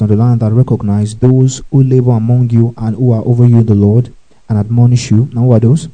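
Male pastor, sermon, very mellow dark voice, repeats key words, keeps saying underline that. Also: medium pitch, low-quality recording. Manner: repeats phrases and keeps asking "do you get it?"; tells listeners to underline verses. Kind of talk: sermon teaching from scripture.

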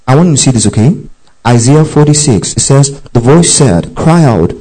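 A man preaching a sermon and reading scripture aloud, often repeating verses slowly and asking the congregation whether they are following along. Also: mid-range voice, lively intonation, mellow, husky, low-quality recording. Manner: keeps checking in with the congregation, repeats verses and calls out "underline that"; reads scripture slowly and deliberately.

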